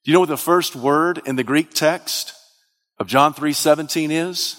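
A man's voice: fairly high pitch, moderate pace, a bit bright. A man preaching a sermon with dynamic delivery, his voice rising into emphatic, sung-out peaks. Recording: long reverb of a large hall.

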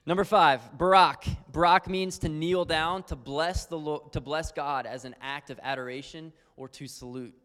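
Man, casual sermon, earnest and chatty, smooth resonant voice, long hall echo. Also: on the high side, steady tone, moderate pace, few pauses, a bit bright. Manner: conversational, filler-heavy, earnest.

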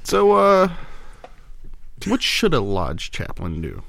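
Lively joking man in a dry room. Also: mid-range voice, vocal fry, no echo. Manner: joking, animated, quick teasing banter. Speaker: podcast co-host. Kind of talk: casual chat.

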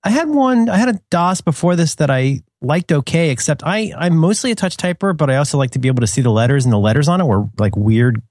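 A man's voice: fairly high pitch, expressive, quick pace, few pauses, darkish tone, dry recording, clean studio sound. A middle-aged man chatting casually as a podcast co-host, rambling with many restarts and laughing at his own jokes. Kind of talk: casual chat.

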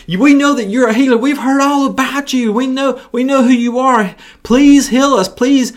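A man voicing a group of desperate male lepers pleading for healing. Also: moderate pace. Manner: high, begging, strained.

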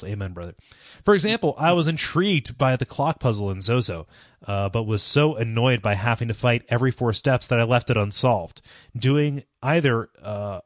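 A man co-hosting a casual podcast, relaxed, laughing easily and trailing off quietly. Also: medium pitch, no room sound, studio quality. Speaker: podcast co-host.

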